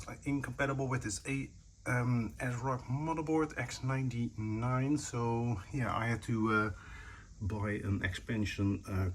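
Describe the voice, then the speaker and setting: A man with a medium-pitched voice and a faint hiss or hum in the background narrates his PC build casually, filming on a handheld phone. He's a PC building vlogger sitting on the floor at home, and his self-filmed commentary rambles and hesitates, packed with fillers.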